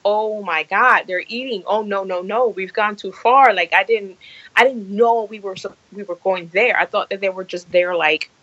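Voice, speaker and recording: A middle-aged woman hosting a casual podcast chat, telling stories with lively acted-out quotes. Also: medium pitch, normal speed, no echo, dull audio. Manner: animated storyteller, acts out quotes. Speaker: podcast host.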